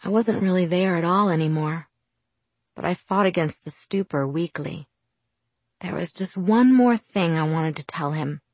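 A woman narrating a first-person novel as an audiobook in a soft, even storytelling voice. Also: on the low side, moderate pace, dry recording.

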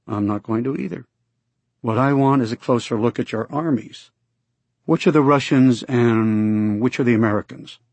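Mild, kindly young minister, low and soft-spoken, read by a man, a little husky. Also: moderate pace, no echo, natural voice. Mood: gentle. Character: young male minister, calm, gentle and kindly. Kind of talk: audiobook character voice.

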